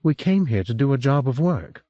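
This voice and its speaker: A man's voice: mid-range voice, sing-song, moderate pace, dark tone, no room sound, pitched above the performer's own voice, close to an everyday voice. A man doing a pushy Southern-drawling woman. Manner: pushy, emphatic. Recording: dull lo-fi cassette recording.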